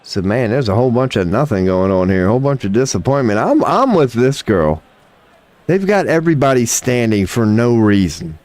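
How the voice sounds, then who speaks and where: A man's voice: mid-range voice, big pitch swings, moderate pace, a little mellow, no echo. A man hosting a livestream and giving joking, trolling reaction commentary with drawled asides. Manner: crude, joking, trolling banter; drawling interjections like "come on now, man". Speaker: livestream host.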